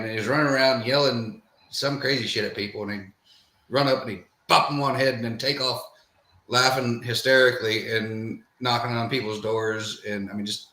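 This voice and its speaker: An easygoing man tells meandering stories with a bright, sharp edge to his voice. The room adds a noticeable echo. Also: mid-range voice. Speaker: podcast co-host. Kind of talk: casual storytelling chat. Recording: roomy echo.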